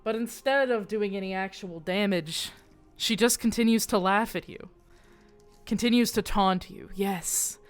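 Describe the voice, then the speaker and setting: A woman's voice: medium pitch, normal speed, soft background music. A woman running a tabletop game, narrating at an easy pace and swearing casually out of character. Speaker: game master.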